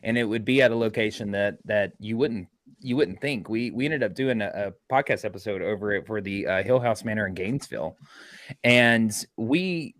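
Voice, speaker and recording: A man, a paranormal investigator guest, telling stories in a podcast interview and acting out quotes with excitement. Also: on the low side, normal speed, no echo. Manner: excited, acts out quotes loudly. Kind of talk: animated storytelling in a podcast interview.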